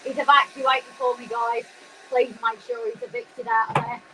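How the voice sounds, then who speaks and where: A woman co-hosting a casual livestream from a garden shed, talking excitedly and laughing often. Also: a little high, moderate pace. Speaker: livestream co-host. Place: garden shed with model railway. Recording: slightly distant mic with faint room noise.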